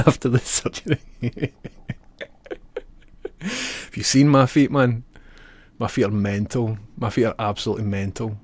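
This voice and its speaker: A man's voice: lowish voice, dry recording. A young Scottish man chatting casually on a live stream, trading jokey banter, laughing often and rambling through asides.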